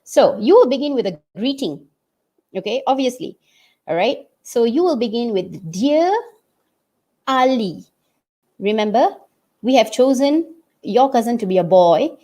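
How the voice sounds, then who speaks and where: A woman's voice: a little high, animated, a little slow, long pauses, warm tone. A woman from Malaysia teaching English writing online, explaining step by step and checking in with "okay?" as she goes.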